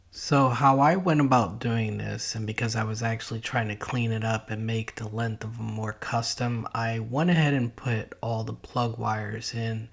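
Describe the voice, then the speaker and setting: A middle-aged man hosting a DIY car channel, calmly narrating a project step by step in a plain, matter-of-fact way. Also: lowish voice.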